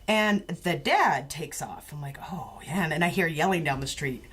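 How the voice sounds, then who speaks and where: A woman's voice: low-pitched, expressive, moderate pace, fairly bright tone, slightly rough. A woman chatting casually as a co-host and spinning a story full of swearing and dry sarcasm. She laughs often and jumps into other people's voices as she tells it. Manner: profane, sarcastic. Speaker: podcast co-host.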